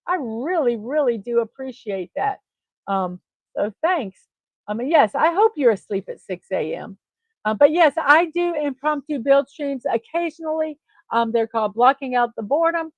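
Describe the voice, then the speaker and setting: This is a casual morning livestream hosted by a woman who chats warmly and often says um and uh. She has a high-pitched voice, and the recording sounds muffled but carries no echo.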